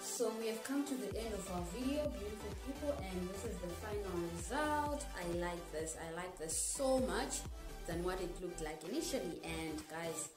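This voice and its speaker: A woman's voice: mid-range voice, animated, normal speed, roomy sound, music in the background. A woman from Zimbabwe chatting casually to viewers in a sewing vlog, playful and direct. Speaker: sewing vlogger. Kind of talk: casual vlog talk to camera.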